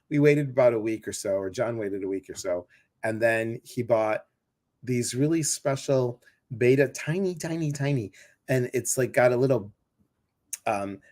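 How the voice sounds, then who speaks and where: A male host chatting casually with a guest. He rambles, full of fillers and false starts, and his voice sits at an ordinary middle pitch. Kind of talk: casual interview chat.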